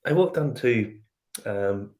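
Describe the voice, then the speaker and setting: A middle-aged man with a Northern Irish accent, telling animated travel stories in casual chat and acting out the dialogue. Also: medium pitch, slow. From Northern Ireland. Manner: animated storyteller, acts out dialogue. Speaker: whiskey show guest.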